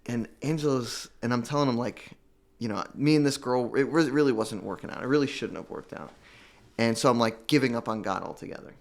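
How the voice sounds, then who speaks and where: A young man telling his own recovery story in an earnest, halting way, repeating words and fighting back tears. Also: medium pitch, vocal fry. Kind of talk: emotional personal testimony.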